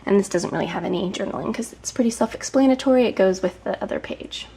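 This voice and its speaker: Woman in her thirties, a touch breathless, chatty crafting vlogger voice with ums and soft asides, mid pitch. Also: fast, gravelly, slightly rough. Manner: chatty, with frequent ums and some whispered asides. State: slightly out of breath. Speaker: scrapbooking vlogger. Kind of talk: casual show-and-tell narration.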